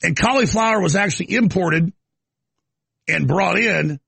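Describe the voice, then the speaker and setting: A man's voice: sits high, normal speed, creaky, pushed and bright, husky, no echo. A man hosting a commentary show, ranting in a mocking, sarcastic way.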